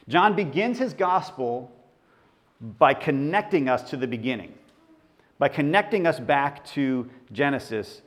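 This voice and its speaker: A male pastor preaching a sermon in a church, teaching through scripture in a conversational way and asking the congregation questions. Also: medium pitch.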